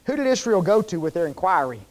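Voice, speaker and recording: A man with a high voice preaches a sermon, chatty and folksy, quizzing his congregation as he goes. His voice carries a long reverb from the church hall. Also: sing-song, fast talker. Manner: conversational, quizzes the congregation with fill-in questions; folksy, informal wording. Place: church sanctuary.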